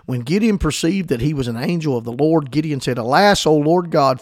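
A man's voice: mid-range voice, a little mellow, no room sound, clean studio sound. A man preaching a sermon in a fervent, emphatic style, often repeating himself as he builds a point.

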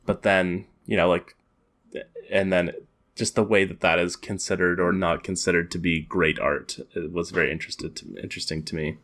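A man co-hosting a podcast, talking casually in halting phrases with many fillers. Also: low-pitched, level tone, fairly bright tone. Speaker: podcast co-host. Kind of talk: casual chat about comics.

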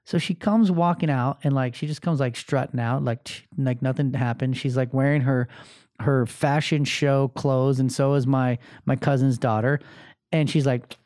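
Casual male storyteller, thirties, warm and mellow, dry close sound. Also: medium pitch, no room sound. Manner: animated, acts out voices, many fillers. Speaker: podcast host telling a story.

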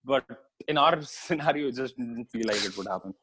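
A man's voice: mid-range voice, animated, a little fast, a bit bright, a little hiss or hum. A man chatting casually as a guest over a remote call, laughing often and rambling through restarts. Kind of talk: casual chat.

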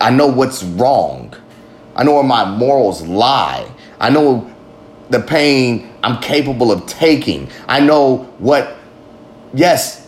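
A man hosting a podcast, talking in a rambling, profane, emphatic monologue. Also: mid-range voice. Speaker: podcast host. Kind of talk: casual monologue.

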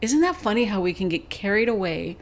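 Middle-aged female podcast host, lively reflective storyteller, mid-pitched. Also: brisk. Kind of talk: solo podcast talk.

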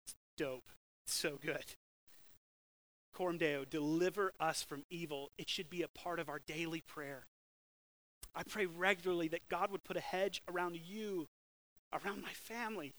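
A man preaching a sermon with lively swings between loud, emphatic bursts and hushed, slow scripture reading. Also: fairly high pitch, rough recording. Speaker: pastor.

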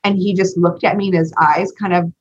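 A woman with a lowish voice tells a personal story on a podcast in a loose, chatty way. She brings it to life and slips into the voices of the people she quotes. The recording sounds dull and lo-fi. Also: fairly even intonation, brisk. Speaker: podcast co-host. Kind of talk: casual storytelling chat.

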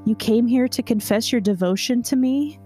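A woman's voice: a little high, moderate pace, dark tone, faint music behind, close to an everyday voice. A woman voicing a cold, cruel male crane who purrs and snarls menacingly in a read-aloud story. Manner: purring, growling, snarling.

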